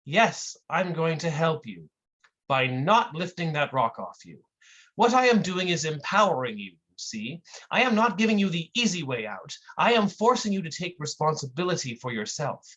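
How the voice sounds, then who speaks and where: Someone playing a preachy know-it-all, slow and patronizing, lively bright tone. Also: medium pitch, highs cut off. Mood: condescending. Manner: slow, condescending, lecturing. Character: smug preachy self-help bystander. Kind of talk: comic performance piece.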